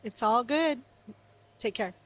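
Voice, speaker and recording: A woman leaving a gentle, hesitant birthday voice message as an aunt, with frequent pauses. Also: a little high, slight background noise. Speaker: aunt, party guest. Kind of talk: guest book voice message.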